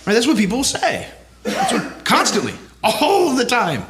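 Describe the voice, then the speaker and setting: A man's voice: very high voice, huge pitch swings, measured pace, background noise. A man, a pastor giving a conference talk, speaking emphatically and checking in with the audience with "right?" after nearly every line. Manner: emphatic, keeps tagging lines with "right?".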